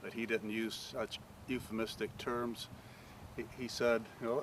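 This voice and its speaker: A pastor telling a story outdoors, acting out the voices of the people in it. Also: male voice, mid-range voice, unhurried, slight background noise. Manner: animated storyteller acting out quoted dialogue. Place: outdoors on a paved property.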